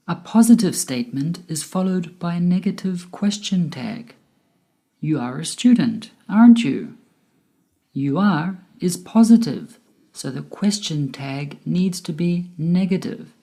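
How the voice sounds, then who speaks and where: A woman teaching an English grammar lesson from a script, slow and deliberate, with exaggerated rising and falling intonation on her examples. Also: fairly low pitch, animated, warm tone.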